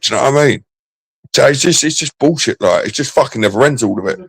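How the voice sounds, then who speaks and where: Man, drinking, sweary repetitive ranter, rapid delivery, dry close sound. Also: mid-range voice, expressive, no room sound, poor audio. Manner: ranting, sweary, repeats himself. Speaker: streamer guest. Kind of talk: casual live-stream chat.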